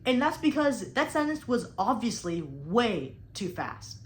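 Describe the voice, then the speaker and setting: A young woman who coaches debate explains speaking technique, deliberately stressing key words and shifting her tone. Her voice is fairly high, with big pitch swings, and a little slow. The sound is roomy.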